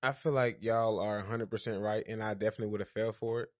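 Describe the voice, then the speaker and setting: A man's voice: fairly low pitch, fairly even intonation, quick pace, no room sound, clean studio sound. A man co-hosting a casual podcast chat, laughing often and agreeing. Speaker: podcast co-host.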